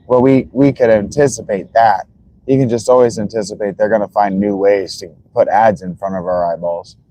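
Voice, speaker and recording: A man's voice: fairly low pitch, fairly even intonation, normal speed, mellow. A man streaming live as he watches football, chatting casually and greeting viewers by name.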